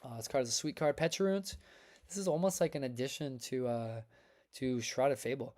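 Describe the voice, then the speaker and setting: A man's voice: mid-range voice, normal speed. A man hosting a trading card livestream, chatting casually with viewers in a hyped, upbeat way, his voice worn from reading. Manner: energetic, hype-filled, talks to chat as folks and man. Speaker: livestream host reviewing trading cards.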